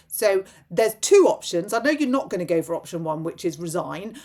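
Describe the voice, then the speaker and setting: A woman vlogging a direct-to-camera political rant, impassioned and rapid-fire, barely pausing for breath. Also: lowish voice, very animated, mellow.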